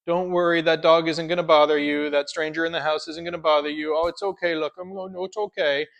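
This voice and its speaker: A doting dog owner cooing reassurance to a frightened pet, as a man puts on the voice. The voice is lifted higher than his normal speech and stays soft and soothing. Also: steady tone, quick pace, muffled recording.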